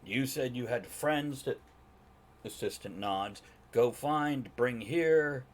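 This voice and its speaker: A man voicing a dwarf lord, Rajan the Red, with a put-on Scottish-like accent and a hearty, booming manner. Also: takes it slowly, natural voice. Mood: questioning.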